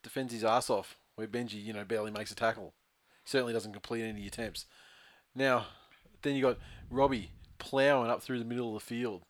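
A man's voice: mid-range voice, steady tone, a little fast, no echo. Blunt sweary man. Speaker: podcast co-host. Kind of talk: casual sports chat.

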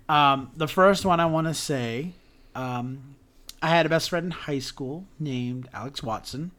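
A young man hosting a podcast, telling stories in an animated, chatty way with many ums. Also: medium pitch. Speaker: podcast host. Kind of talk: casual storytelling chat.

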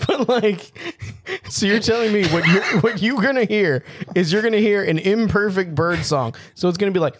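Male podcast co-host, high voice, quizzical joker, dry close mic. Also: dry recording. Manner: quizzical, quick joking questions. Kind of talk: casual chat.

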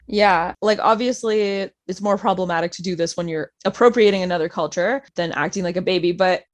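A woman's voice: on the low side, fairly quick. A woman co-hosting a podcast, telling stories in a chatty, giggly way. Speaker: podcast co-host. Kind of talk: casual chat.

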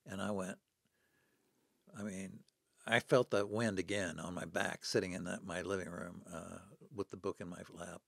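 A podcast guest in his seventies speaks at a moderate pace in a low, creaky, slightly bright voice with fairly even intonation. He tells conversational stories, playing out the people he quotes dramatically. Studio-quality audio, no echo.

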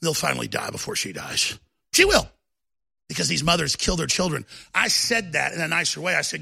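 A man hosting a talk show, delivering a combative political rant that builds into shouting. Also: fairly high pitch, big pitch swings, brisk, gravelly, husky.

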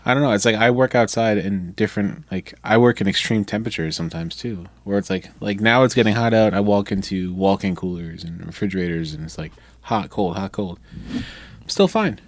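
A man's voice: lowish voice, a little fast, dry recording. A man co-hosting a podcast in casual chat, laid-back and teasing, with short replies. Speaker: podcast co-host.

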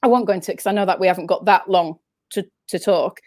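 A woman's voice: fairly low pitch, fast, darkish tone, no room sound. A woman with a northern English accent, telling stories as an interview guest in a rambling, chatty way that keeps restarting sentences. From northern England. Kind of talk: casual interview chat.

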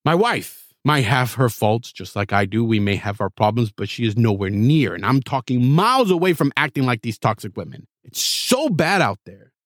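A man's voice: big pitch swings, normal speed, hardly any pauses, a bit bright, no room sound. A man hosting a podcast, delivering an impassioned, opinionated rant into a close mic. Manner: impassioned, ranting, pitch swings widely. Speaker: podcast host. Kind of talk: opinionated monologue.

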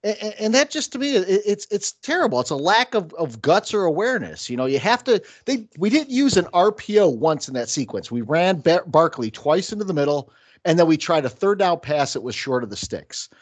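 A man's voice: sits high, sing-song, brisk, dry recording. Emphatic man arguing sports. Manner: emphatic, argumentative, rhetorical questions. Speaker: podcast co-host. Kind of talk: casual sports chat.

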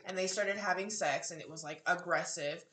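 A woman's voice: on the low side, a little fast, fairly bright tone. Young woman in a roomy echo. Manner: blunt, swears freely, does sassy mock voices. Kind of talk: casual chat.

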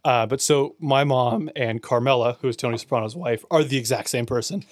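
A young man in his twenties chatting casually as a podcast co-host, an animated storyteller who laughs often and jumps into quick tangents. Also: mid-range voice, no room sound, clean studio sound. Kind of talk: casual chat.

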